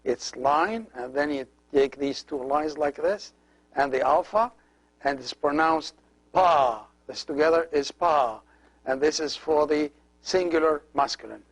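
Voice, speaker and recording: A middle-aged man, a priest, giving a slow step-by-step language lesson, patiently explaining each letter as he writes it. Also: on the high side, low-quality recording.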